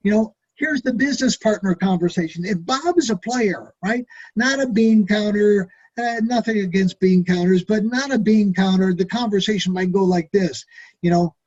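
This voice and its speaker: A man's voice: sits high, normal speed, darkish tone, lo-fi sound. A middle-aged man leading a direct sales training, folksy and urging, who acts out sample phone calls to friends.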